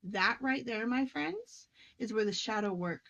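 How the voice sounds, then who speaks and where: A woman with a somewhat high voice leads a casual conversation about inner healing. She speaks emphatically and stresses her points. She often acts out the voices of the people she quotes. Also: lively intonation, measured pace, creaky, a bit bright, dull audio. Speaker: spiritual teacher.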